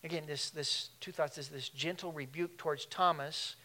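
Man, pastor preaching, animated, laughing asides, fairly high voice. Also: normal speed. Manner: animated, laughing asides, shifts between loud and hushed. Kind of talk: sermon.

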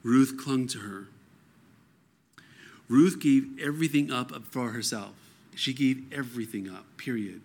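Male Bible teacher, mid pitch, alternates reading verses aloud with casual explanation. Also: a little slow, long pauses, a little mellow. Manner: reads scripture aloud, then explains it conversationally.

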